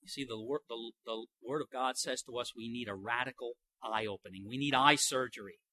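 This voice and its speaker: Folksy bright-voiced older male preacher. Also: medium pitch, brisk, dry recording. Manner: conversational, folksy, with many restarts. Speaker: pastor. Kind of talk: sermon.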